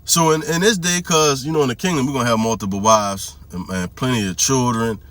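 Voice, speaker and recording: Brief: male vlogger, bright tense voice, loose slangy street-preacher delivery, keeps asking the listener if they hear him. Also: medium pitch, no room sound. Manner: slangy, repeats "you hear me?", reads scripture slowly. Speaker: religious commentary vlogger. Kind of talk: casual preaching commentary.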